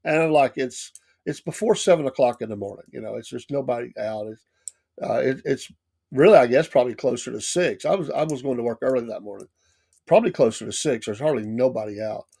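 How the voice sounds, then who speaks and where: A middle-aged man hosting a morning show, telling stories in a casual, animated way with lots of restarts. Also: mid-range voice, brisk, creaky, slightly rough. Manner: animated, acts out quoted lines with laughs and restarts. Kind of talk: casual storytelling monologue.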